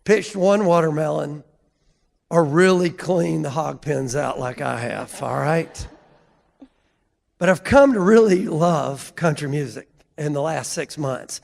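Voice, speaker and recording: Folksy storyteller in his 50s, gravelly, a touch high, long hall reverb. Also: takes it slowly, darkish tone. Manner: folksy, emotional, laughs while telling. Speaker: convention speaker. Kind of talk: personal storytelling speech. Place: large convention hall.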